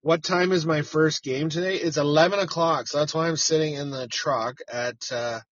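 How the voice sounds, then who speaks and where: A man's voice: a little high, steady tone, normal speed, a bit bright, dry recording, dull audio. A middle-aged man, a chicken farmer hosting a casual live stream from his parked truck, rambling, cursing freely and chatting to viewers by name.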